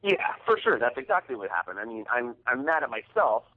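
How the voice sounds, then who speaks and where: A man's voice: medium pitch, very animated, a little fast. A man hosting a podcast, retelling an embarrassing story in a casual, profane, heated way. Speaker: podcast host. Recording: tinny phone-like sound.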